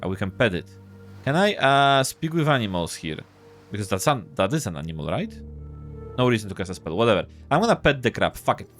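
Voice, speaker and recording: A man's voice: on the low side, very animated, a little fast, a bit bright, faint music behind. A man casually thinking aloud and reading game text while playing a role-playing game. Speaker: gameplay streamer. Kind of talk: casual let's-play commentary.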